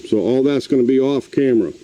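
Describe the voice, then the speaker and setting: Working on a pool outdoors, an older DIY host gives casual how-to vlog narration in a warm, mid-range voice at a quick pace, though the audio sounds dull. Folksy and grumbling, he talks to himself as he works and is out of breath at times.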